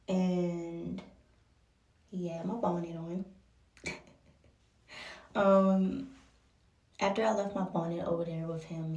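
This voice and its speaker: A young woman from Baltimore tells a personal story in a candid, emotional way, with drawn-out pauses and stretches that drop to a whisper. Her voice has a gravelly edge. She is heard from a distance in an echoey room. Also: fairly low pitch, a little mellow. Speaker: vlogger. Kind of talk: casual storytime monologue. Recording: roomy echo from a distance.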